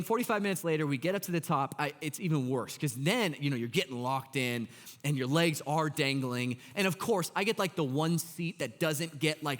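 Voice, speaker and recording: A male pastor telling a story in a sermon, acting out the voices of the people in it. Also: on the high side. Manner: animated, acts out voices in his story. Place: church. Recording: long reverb of a church hall.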